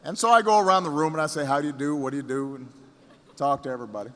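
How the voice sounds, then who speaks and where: A man giving a campaign rally speech, telling a story with repeated phrases and pauses that builds to rousing shouts, recorded in a reverberant hall. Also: a little high. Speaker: political candidate.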